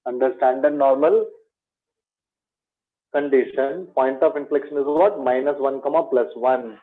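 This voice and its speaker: A man's voice: mid-range voice, measured pace, narrow, tinny audio. A man teaching an exam revision lecture in maths, repeating key points, asking rhetorical questions and calling his students "my dear".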